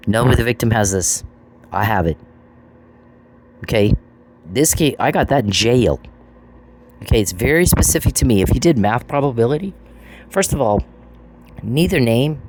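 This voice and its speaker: A man's voice: on the low side, a little mellow. Scornful man ranting on a podcast. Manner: scornful, taunting, repeats phrases, swears. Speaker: podcast host. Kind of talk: angry podcast rant. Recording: noisy with clicks.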